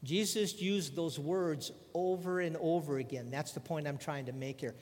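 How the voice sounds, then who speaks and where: Older preacher in a reverberant hall. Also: male voice, fairly high pitch, normal speed, a little mellow. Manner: conversational preaching with rhetorical questions. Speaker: pastor. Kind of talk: sermon.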